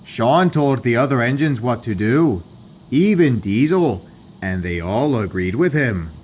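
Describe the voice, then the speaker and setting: A man narrating a homemade toy-train story, plain and wry with deadpan asides. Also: medium pitch, a little slow, slight background noise.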